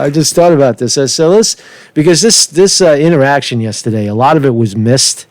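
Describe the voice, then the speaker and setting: A man's voice: medium pitch, some chatter behind, a little hiss or hum. A man hosting a rambling livestream, swearing often and repeating himself, ending his lines with "man". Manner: swearing, fast and animated, repeats himself, says "man" a lot. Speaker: livestream host. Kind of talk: rambling casual livestream talk. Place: street in a big city.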